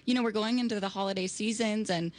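A woman's voice: medium pitch, fairly even intonation, fast talker, a little mellow. Earnest woman co-hosting radio chat. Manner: earnest, upbeat, repeats herself. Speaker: radio show co-host. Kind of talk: casual radio chat and read promo.

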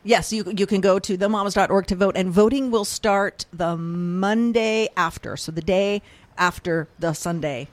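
A woman's voice: mid-range voice, normal speed, no echo. Eager woman guest on a dry studio mic. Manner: enthusiastic, chatty, with frequent restarts. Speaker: guest from a local music charity. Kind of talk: radio interview. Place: radio studio.

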